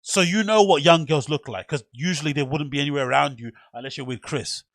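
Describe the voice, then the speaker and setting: A man's voice: a little high, a little fast, a bit bright, no echo. A man hosting a reaction video, ranting bluntly and incredulously with plenty of swearing. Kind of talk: casual reaction commentary.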